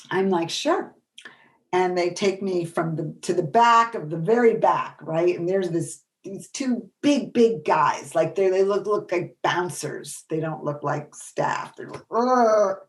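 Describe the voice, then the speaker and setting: A middle-aged woman presenting a workshop, telling animated stories and acting out the voices of people she quotes. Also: fairly low pitch. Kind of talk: storytelling lecture.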